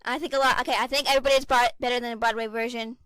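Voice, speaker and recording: A bubbly woman gives earnest shoutouts to a castmate. Her voice is fairly high and smooth, and the sound is dry and close. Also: little pitch movement, very fast, dry recording. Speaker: theater cast member giving shoutouts. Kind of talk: casual heartfelt shoutouts.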